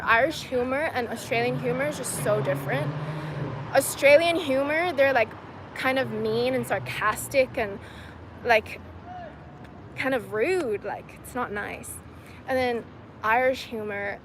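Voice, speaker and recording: Young woman streamer, slightly high voice, rambling chat outdoors with street noise. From China. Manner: chatty and rambling, many "like"s. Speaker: streamer answering chat questions. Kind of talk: casual livestream chat.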